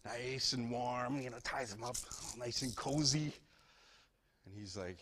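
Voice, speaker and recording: A man telling a story aloud to an audience in a playful, lively way, asking listeners to join in. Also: medium pitch, moderate pace. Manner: lively, playful, asks listeners to repeat words.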